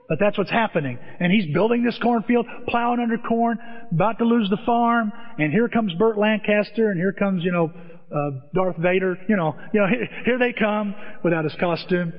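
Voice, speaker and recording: A man preaching a sermon, telling stories in a lively way and acting out the voices of the people he quotes. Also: high voice, normal speed. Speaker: pastor. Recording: dull sound with long hall reverb.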